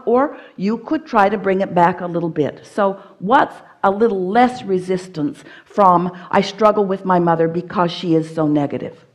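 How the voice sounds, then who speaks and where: A woman teaching at a live seminar, speaking as "we" and coaching an audience member step by step in a firm, playful manner. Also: mid-range voice.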